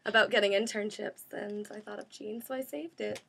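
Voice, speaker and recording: A woman's voice: mid-range voice, steady tone, a little fast, gravelly, a bit bright, husky. A young woman telling a funny story in casual chat, imitating a presenter and often laughing. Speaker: guest storyteller.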